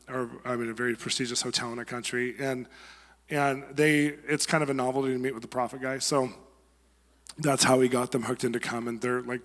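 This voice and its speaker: A man giving a conversational sermon, telling stories and acting out quotes in a lively way. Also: medium pitch. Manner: conversational, animated storytelling with acted quotes. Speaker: guest preacher. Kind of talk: sermon with storytelling. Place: church sanctuary. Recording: long reverb of a church hall.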